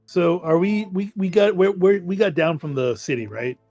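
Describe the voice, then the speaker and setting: A man playing in a tabletop game, talking in a halting casual way. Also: high voice, darkish tone, faint music behind. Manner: halting, restarts often. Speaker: player.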